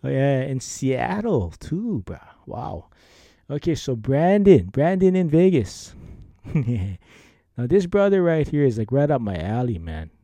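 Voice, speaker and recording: A man's voice: medium pitch, sing-song, a little slow, warm tone, no echo. A man with a Hawaiian Pidgin accent, hosting a casual podcast and reading listener emails with a playful, laid-back manner. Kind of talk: casual chat.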